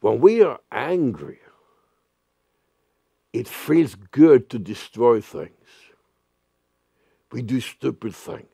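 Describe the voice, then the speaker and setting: A male pastor delivers a sermon in a slow, deliberate way, circling back over his phrases and now and then bursting out loudly. His voice has a gravelly, creaky edge. The recording is dry and close. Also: medium pitch, sing-song, dry recording. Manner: earnest preaching with sudden loud outbursts.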